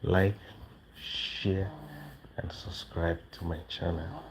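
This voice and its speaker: A tired young father speaking softly and slowly to viewers on a late-night home livestream. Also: deep voice, fairly even intonation, a little hiss or hum, poor audio. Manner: soft-spoken, slow and weary, talking to viewers and his baby. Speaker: vlogger father live streaming.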